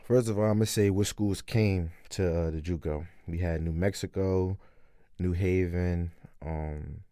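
A young man telling a story in a casual interview, excitedly acting out quotes. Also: low-pitched, a little slow, no room sound, studio quality. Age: young adult. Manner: animated storyteller, acts out quotes loudly. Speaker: interview guest, college football player.

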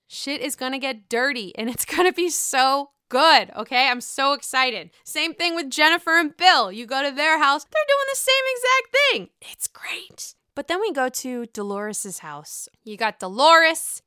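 A woman's voice: fairly high pitch, pushed and bright, clear, resonant tone, no room sound, studio quality. A young woman hosting a casual, profane, gossipy recap of a reality show, full of gasps and exclamations.

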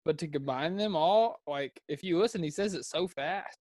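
A man co-hosting a casual sports podcast, making wry, quick asides. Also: a little high, a little mellow, no echo. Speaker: podcast co-host. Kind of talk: casual chat.

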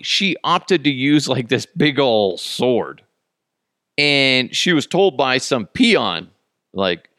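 A radio host rambles through a casual comedic monologue full of goofy, profane jokes and laughter. His voice is on the low side with a fairly bright tone, recorded with clean studio sound and no echo.

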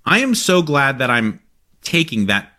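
A man co-hosting a podcast, chatting casually in an excitable, joking way with frequent restarts. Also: medium pitch, unhurried. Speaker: podcast co-host. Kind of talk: casual chat.

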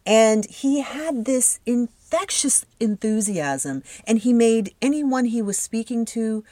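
A woman's voice: fairly high pitch, animated, slow, mellow, dry recording. Chatty enthusiastic woman podcaster. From Southern California. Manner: chatty, enthusiastic storytelling with fillers. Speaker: podcast host. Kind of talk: casual solo podcast monologue.

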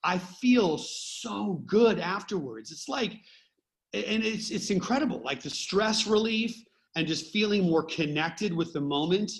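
Middle-aged man, a touch high-pitched; podcast co-host; reflective, candid storyteller. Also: expressive, measured pace. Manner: reflective, openly emotional storyteller. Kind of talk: casual conversation.

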